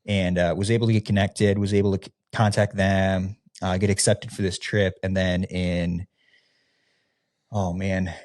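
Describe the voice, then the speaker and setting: Low-voiced man telling his story casually. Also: measured pace. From Midwestern United States. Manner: casual, relaxed, with frequent fillers, often acting out quoted dialogue. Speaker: podcast guest, former youth pastor. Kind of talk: candid personal storytelling.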